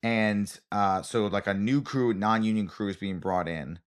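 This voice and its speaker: A man co-hosting a comedy podcast in casual chat, an animated storyteller who repeats phrases for emphasis. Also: fairly low pitch, unhurried, clear, resonant tone. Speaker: podcast co-host, comedian and actor.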